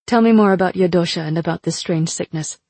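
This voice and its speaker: A woman's voice: on the low side, quick pace, a little mellow, slightly rough, dry recording. A woman voicing a stern, controlled young woman who gives clipped, firm commands. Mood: cold.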